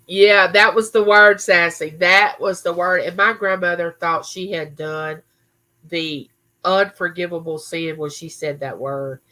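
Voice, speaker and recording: A woman's voice: fairly low pitch, bright, forceful tone, rough recording. A woman hosting a casual live chat from her home recording room, reading viewer comments aloud and answering people by name. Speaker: livestream host.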